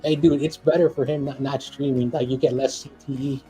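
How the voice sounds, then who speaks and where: A man's voice: mid-range voice, fairly even intonation, brisk, dark tone, soft background music. A man co-hosting a live football stream in casual chat, rambling, joking and often losing his train of thought.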